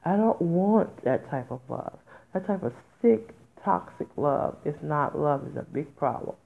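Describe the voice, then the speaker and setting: A woman's voice: deep voice, lively intonation, a little slow, creaky. A woman hosting a podcast, talking candidly and emotionally, with raw, emphatic outbursts in informal speech. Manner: informal, speaks in dialect. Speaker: podcast host. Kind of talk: emotional personal monologue. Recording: tinny phone-like audio.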